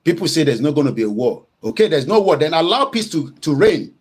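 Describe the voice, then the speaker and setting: A middle-aged man with a Nigerian accent and a husky, somewhat high voice, hosting a heated livestream. He scolds his critics, repeats his points and stops to greet viewers by name. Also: lively intonation, quick pace. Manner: combative, scolding and repetitive. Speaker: host of his own online show.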